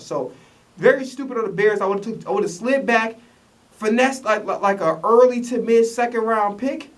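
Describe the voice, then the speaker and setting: A man's voice: high-pitched, normal speed, distant mic. A man rants in casual commentary, profane and rambling, stumbling over restarts. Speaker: vlogger reacting to the draft.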